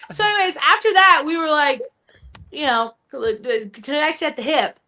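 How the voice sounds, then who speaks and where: Bright, high-voiced young woman. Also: lively intonation, moderate pace. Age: 20s. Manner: profane, bubbly storyteller, mimics voices. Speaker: guest actress and co-writer. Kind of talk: casual live podcast chat.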